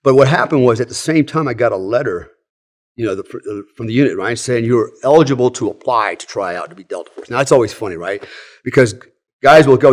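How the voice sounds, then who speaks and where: A man's voice: medium pitch, brisk. A man in his sixties, a podcast guest telling old army stories in a frank, rambling way, often tagging sentences with "right?". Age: 60s. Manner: rambling, tags sentences with "right?" and "you know"; frank, swears casually. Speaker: podcast guest, former special forces soldier. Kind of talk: casual storytelling in conversation.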